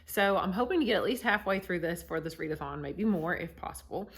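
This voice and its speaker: A woman's voice: on the low side, lively intonation, a little fast, husky. A young woman vlogging about her reading to camera in a casual, chatty way, tired and self-deprecating with light laughs. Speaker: book vlogger.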